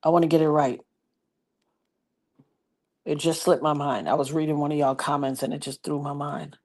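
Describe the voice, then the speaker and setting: A low-pitched woman in her fifties, speaking at a normal speed, tells a personal story on a casual livestream. She animatedly acts out the voices of those she quotes and turns preachy, talking about prophecy and God.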